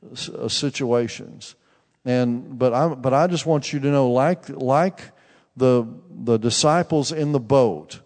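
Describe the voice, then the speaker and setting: A man's voice: medium pitch, darkish tone. A male preacher tells a testimony and speaks directly to his listeners in a fervent way, with many restarts. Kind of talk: sermon with personal testimony. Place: church sanctuary. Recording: long reverb in a large hall.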